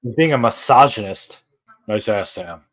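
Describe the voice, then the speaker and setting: Lively, wisecracking man. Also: lowish voice, moderate pace. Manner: quizzical, crude, wisecracking. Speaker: podcast co-host. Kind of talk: casual movie watch-along banter.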